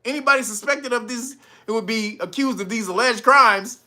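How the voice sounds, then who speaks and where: A man's voice: very high-pitched, normal speed, sharp tone. A man hosting a casual commentary show, crude and joking, laughing often as he talks.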